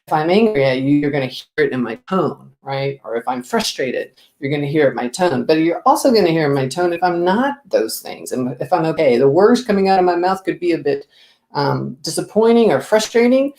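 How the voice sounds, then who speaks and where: A woman business coach giving an expressive, lively talk to the camera, asking the viewer direct questions. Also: deep voice, brisk, reverberant.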